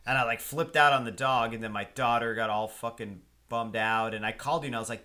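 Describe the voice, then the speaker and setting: A man's voice: medium pitch, fairly even intonation, a little fast, few pauses, bright, forceful tone. A man co-hosting a podcast in casual chat, talking loosely and profanely, with frequent restarts. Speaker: podcast co-host.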